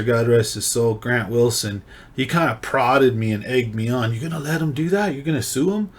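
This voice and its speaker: A man's voice: medium pitch, fairly bright tone. A man, telling a personal story in a loose, rambling way, full of slang and swearing. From California. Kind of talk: casual storytelling.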